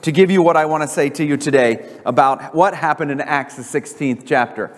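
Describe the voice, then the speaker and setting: A man preaching a sermon as pastor, animated and emphatic, his voice often climbing high for emphasis. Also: a little fast. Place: church sanctuary. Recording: church hall reverb.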